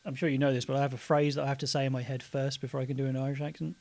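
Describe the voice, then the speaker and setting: A man co-hosting a casual chat show, playful and quick to laugh. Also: medium pitch, little pitch movement, vocal fry, darkish tone. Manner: laughs often, playful and chatty. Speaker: podcast co-host.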